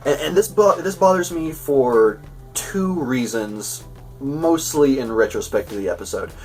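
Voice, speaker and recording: A man talks through a TV episode review in a loose, chatty way, often stopping and restarting his sentences. His voice sits at an ordinary middle pitch. He is a little distant from the mic, with faint music underneath. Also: animated, measured pace, a little mellow. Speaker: show host reviewing an episode. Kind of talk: casual spoken episode review.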